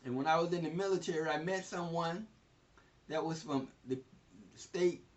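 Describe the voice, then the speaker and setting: A man's voice: a little high, moderate pace. A man in his sixties teaching scripture as a preacher, in a conversational way that retells scenes in plain everyday speech. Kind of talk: informal Bible teaching. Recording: distant, dull lo-fi recording.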